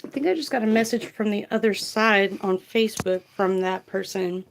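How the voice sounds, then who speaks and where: A woman's voice: mid-range voice, normal speed, creaky, slight background noise. A woman, doing a casual tarot livestream, chatty and laughing as she reads viewer comments aloud.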